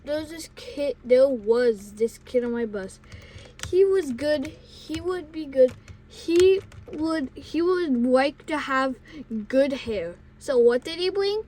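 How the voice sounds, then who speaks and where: A woman vlogger telling casual stories, rambling with many restarts and self-corrections, and acting out the yelling in loud put-on quotes. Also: sits high, lively intonation, slow. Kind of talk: casual storytelling.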